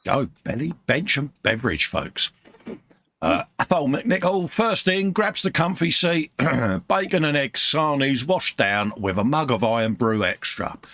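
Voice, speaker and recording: A man's voice: medium pitch, lively intonation, measured pace, fairly bright tone. Chummy British man reading live chat. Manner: chummy, calls everyone mate. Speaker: co-host of a live model-building stream.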